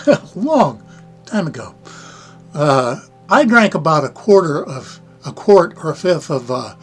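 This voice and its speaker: An older American man with a Midwestern accent, hosting a casual live-stream chat in a rambling, folksy way with chuckling asides. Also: a little high. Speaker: livestream host.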